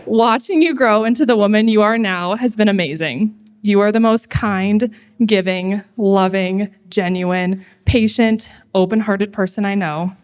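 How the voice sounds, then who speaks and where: Young woman giving a heartfelt sister toast. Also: medium pitch. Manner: heartfelt, measured, read from notes. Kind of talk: wedding toast speech.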